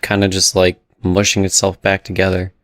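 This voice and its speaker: Young male co-host, low voice, wry and relaxed, dry close sound. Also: normal speed, no room sound. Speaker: podcast co-host. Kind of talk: casual chat.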